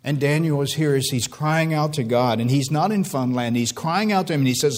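A man preaching a sermon, building emotional appeals with repeated rhetorical questions and dropping to a low, hushed tone at times. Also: moderate pace, few pauses. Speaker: pastor.

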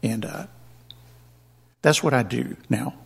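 A man's voice: medium pitch, takes it slowly, creaky, breathy edge. A man giving a rambling personal testimony in church, with many restarts and chuckles.

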